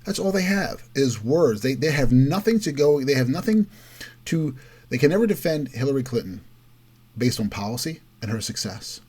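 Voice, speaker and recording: A man's voice: medium pitch, big pitch swings, normal speed, darkish tone, husky. A man hosting a political commentary show, delivering an opinionated monologue and mocking others with quoted voices. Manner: emphatic, mocking quotes in raised voice.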